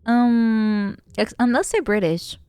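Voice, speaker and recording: Giggly high-voiced woman streamer. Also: slow, darkish tone, smooth. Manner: playful, giggly, thinking aloud. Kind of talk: casual gaming chat.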